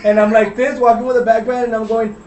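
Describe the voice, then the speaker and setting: A man's voice: extremely high pitch, level tone, quick pace, a little mellow. A young man from Laredo, Texas, telling a long story in a rambling, profane way that trails off into mumbles. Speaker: podcast co-host telling a story. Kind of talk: casual storytelling. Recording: roomy room, mic at a distance, faint hiss.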